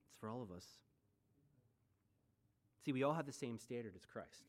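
A man's voice: mid-range voice, expressive, moderate pace. A man in his forties preaching a sermon as pastor, conversational, with joking asides and rhetorical questions. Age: 40s.

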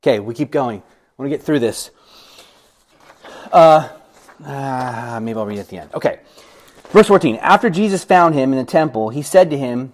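Animated man teaching a Bible study. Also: mid-range voice, moderate pace, pauses often. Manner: animated, acts out voices, laughs often.

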